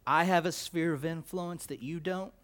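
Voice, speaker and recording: A man preaching a sermon, swinging between loud emphatic declarations and low quiet asides, with repetition and stammered restarts. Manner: slow, deliberate delivery with repetition and stammered restarts.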